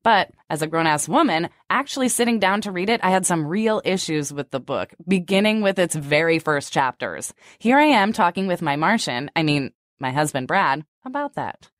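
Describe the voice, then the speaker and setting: A woman in her thirties co-hosts, her voice sitting a little low. She shifts between tidy read-out summaries and loose, chatty talk peppered with "like". The sound is close and dry. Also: expressive, normal speed, few pauses, dry recording. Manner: chatty, frequent "like" fillers when unscripted. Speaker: co-host. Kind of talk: scripted summary and casual chat.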